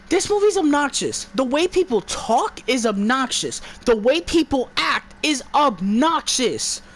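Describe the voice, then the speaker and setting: A woman giving an exasperated, profane movie review, stumbling and restarting her words as she rants. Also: high voice.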